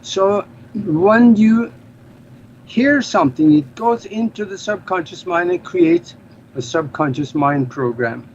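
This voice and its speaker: A man's voice: high voice, big pitch swings, takes it slowly. Norwegian-born man, earnest and explanatory. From Norway. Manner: earnest, explanatory, slightly non-native grammar. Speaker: guest. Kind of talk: casual interview talk. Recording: slightly dull lo-fi audio with faint noise.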